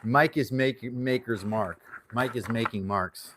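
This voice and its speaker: A man's voice: medium pitch, measured pace. A man hosting a casual workshop livestream, rambling and joking as he works. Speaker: channel host. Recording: loud scraping and clicking noise.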